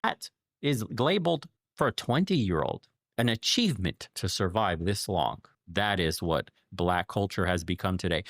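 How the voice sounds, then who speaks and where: Brief: man, low voice, dry close sound, lecturing and sarcastic commentator. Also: sing-song, measured pace, a bit bright, dry recording. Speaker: commentator in a played clip. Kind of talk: opinion commentary.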